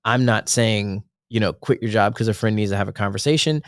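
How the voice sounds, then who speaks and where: A man's voice: lowish voice, fairly quick, dry recording. Guy cohosting a church podcast, earnest, rambly, keeps restarting, dry close sound. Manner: earnest, rambling, self-correcting. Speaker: podcast co-host. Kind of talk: casual faith podcast chat.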